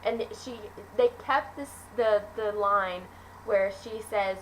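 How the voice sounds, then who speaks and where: A teenage girl with a middle-pitched voice talks through a film review in a loose, gushing way, full of "um" and "like" and self-corrections. A faint hiss of background noise sits under her voice. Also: slow pace, low-quality recording. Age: teens. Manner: gushing, rambling with many fillers and restarts. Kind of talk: casual chatty review.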